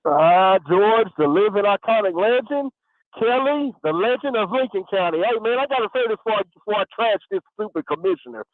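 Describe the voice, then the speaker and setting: A man's voice: sits high, expressive, a little fast, no echo. A male caller, ranting heatedly on a sports radio call-in. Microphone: phone. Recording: tinny dry phone line.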